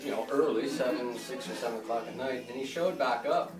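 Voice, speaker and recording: A man's voice: medium pitch, brisk. A man sharing a rambling, laugh-filled anecdote about a friend at a memorial gathering. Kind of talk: casual anecdote telling. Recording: roomy, distant, loud music behind.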